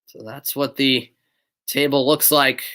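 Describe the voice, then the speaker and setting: A bright, forward-toned young man in his late teens, with a light Boston accent, calls a soccer match live for his online stream. He switches between lively play-by-play of the action and loose, hesitant chat with viewers, full of ums and friendly asides. His pitch sits mid-range for a man. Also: a little slow. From Boston area, USA. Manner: chatty, answers viewers' chat between plays; animated calling of play, relaxed and hesitant in chat. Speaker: amateur play-by-play commentator.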